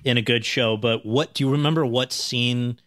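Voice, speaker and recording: Man, interviewer, hesitant phrasing, mid pitch, dry sound. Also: steady tone, moderate pace, a bit bright, no echo. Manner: hesitant, restarts his questions. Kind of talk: interview questions.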